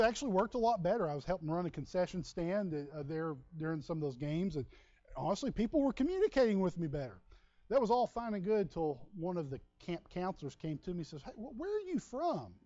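A man's voice: a little high, animated, brisk, mellow, dry recording, highs cut off. A man from Texas with a Texan drawl, preaching a sermon in a folksy, conversational way with asides to the congregation. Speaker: pastor.

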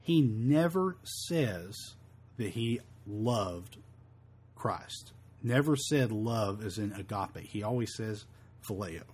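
A man's voice: on the low side, expressive, darkish tone, slightly rough. A man leading a verse-by-verse Bible study, quoting scripture in old-fashioned wording and often stumbling and repeating words. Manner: halting, repeats words, fills with um and uh. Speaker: Bible teacher.

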